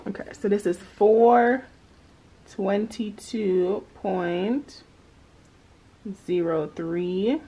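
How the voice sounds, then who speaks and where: A woman's voice: medium pitch, drawn-out words, pauses often, warm tone, a little hiss or hum. Chatty woman talking through her budget. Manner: chatty, talks to viewers as y'all, child, girl. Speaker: budgeting vlogger. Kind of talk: casual budgeting vlog, talking through calculations.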